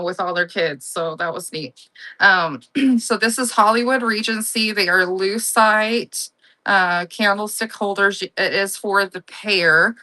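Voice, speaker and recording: A woman's voice: medium pitch, pushed and bright. A woman hosting a live online auction, chatting and gushing over her items as she rambles between sales. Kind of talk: casual live-selling chat.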